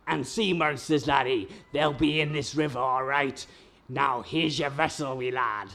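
A performer doing a gravelly old pirate captain. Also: mid-range voice, unhurried, background noise. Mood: gruff. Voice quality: growly pirate talk. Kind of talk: amateur radio comedy acting.

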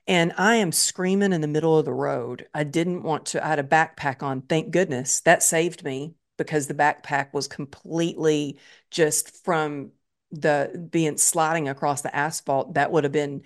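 A woman's voice: low voice, steady tone, unhurried. Woman guest, podcast interview, emotional story, replays her own thoughts aloud. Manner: vivid retelling, acting out her own past thoughts.

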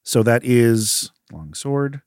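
A man running a tabletop game as game master, narrating the battle in a measured, descriptive way. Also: medium pitch, animated, darkish tone, no room sound, studio quality.

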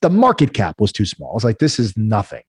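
A man, a guest entrepreneur telling animated stories in a casual interview, acting out the voices of the people he quotes. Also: fairly low pitch, fast, slightly rough, dry recording, studio quality. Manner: animated storyteller, acts out quoted voices, frequent "right?".

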